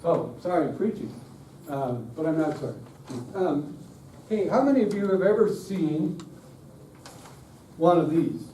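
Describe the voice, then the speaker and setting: A middle-aged man gives a conference talk on worship in a mellow, animated voice on the high side, at a measured pace with long pauses. He jokes with the audience and pokes fun at himself. A distant room mic makes the recording roomy, with faint hiss.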